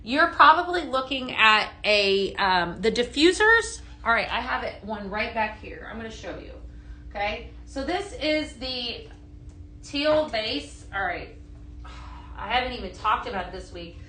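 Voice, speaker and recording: A woman's voice: fairly high pitch, animated, unhurried, pushed and bright. A woman hosting a live home-fragrance sales stream, chatty and full of ums and okays, greeting viewers by name while demonstrating products.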